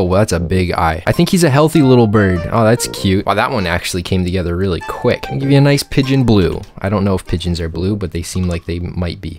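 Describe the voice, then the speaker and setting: Young guy, low voice, rambling teasing drawing commentary over soft music. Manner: joking, rambling, mock-teasing asides. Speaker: YouTuber drawing subscribers. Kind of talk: casual commentary while drawing.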